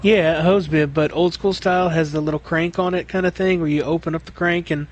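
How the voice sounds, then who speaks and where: A man's voice: a little high, fairly even intonation, brisk, muffled recording, slight background noise. A man who works as a plumber, telling a long job story in casual, profane chat on a podcast. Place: remote podcast call.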